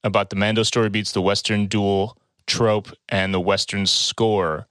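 A man's voice: on the low side, flat delivery, measured pace, a bit bright, no room sound. A man co-hosting a casual podcast chat, laughing often and joining in on jokes. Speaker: podcast co-host.

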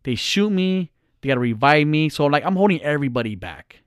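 A man's voice: on the high side, lively intonation, fairly quick, smooth, no echo, clean studio sound. Heated, profane middle-aged man. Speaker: vlogger. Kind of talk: casual ranting monologue.

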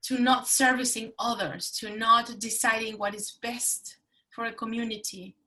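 A middle-aged woman speaks as a podcast guest, her voice pitched a little high and very bright. She tells her story with animated, emphatic energy. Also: moderate pace, distant mic, rough recording. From Mexico. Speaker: guest, business consultant. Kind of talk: casual interview talk.

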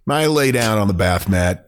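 Male podcast host, low voice, animated amused read of a listener email. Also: unhurried, clean tone. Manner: amused reading, often breaking into laughter. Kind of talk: reading a listener's email aloud.

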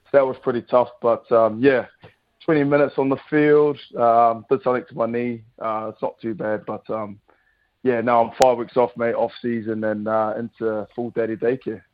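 A man's voice: medium pitch, normal speed, phone-quality sound. A man, a rugby player chatting as a guest in an easygoing way, his voice a little worn from celebrating. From New Zealand. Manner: relaxed, laughing, says mate often. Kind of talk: casual radio chat.

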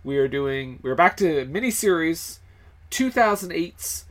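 A man's voice: a little high, lively intonation, unhurried, a bit bright. A man hosting a film podcast in casual chat, teasing his co-host and plugging the show. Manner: upbeat, plugs the show, teasing.

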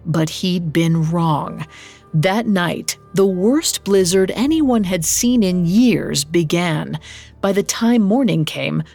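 A woman narrating a scripted story in a measured, steady reading. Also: lowish voice.

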